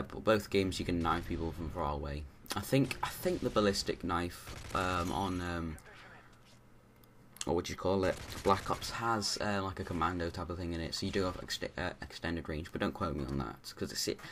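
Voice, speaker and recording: A man's voice: low-pitched, fairly bright tone, a little hiss or hum. A man giving rambling, casual commentary over his own gameplay, full of restarts and fillers.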